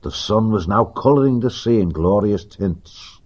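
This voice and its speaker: A man reads an adventure audiobook in a steady, vivid voice. His tone sits low and a bit husky, and the recording sounds dull and lo-fi. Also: unhurried. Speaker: audiobook narrator. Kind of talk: scripted storybook narration.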